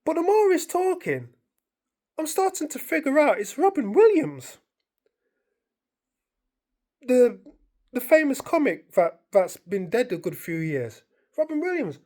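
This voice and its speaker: A woman's voice: sits high, very animated, a little slow, pauses often, mellow. A woman, rambling through a casual story to camera, full of fillers and repeated phrases. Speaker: vlogger.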